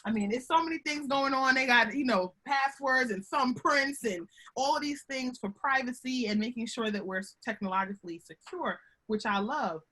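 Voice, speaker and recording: A woman giving a lively, chatty webinar talk over a video call from home, often calling her audience y'all. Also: sits high, normal speed, few pauses. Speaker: guest speaker on workplace relationships.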